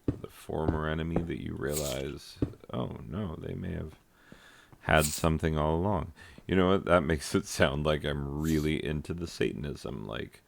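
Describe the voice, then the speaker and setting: A man's voice: very deep voice, normal speed, gravelly, background noise. An American man hosting a gaming channel, rambling and joking with many fillers while he plays. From United States. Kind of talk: rambling commentary while playing a video game.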